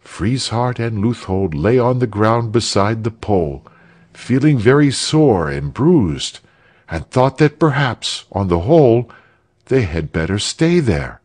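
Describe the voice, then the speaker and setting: A man reading a story aloud for English learners in a measured, expressive way. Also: lowish voice. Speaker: narrator.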